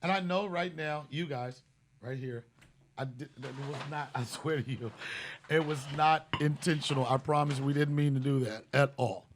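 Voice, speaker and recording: A man hosting a comedy podcast, telling stories in a casual, profane way and bursting into loud shouted bits. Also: fairly high pitch, normal speed, noisy background.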